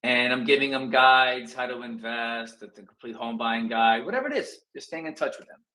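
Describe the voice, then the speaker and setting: A man coaching real estate students in a casual talk, acting out phone calls in quick asides. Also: mid-range voice, animated, sharp tone, rough recording.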